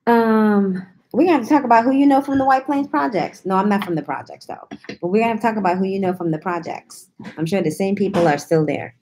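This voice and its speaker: A woman's voice: mid-range voice, fairly quick, darkish tone, a little hiss or hum. A woman telling a story in a casual, sassy chat to her viewers, teasing them and swearing freely as she answers their comments. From New York, USA. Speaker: vlogger talking to viewers.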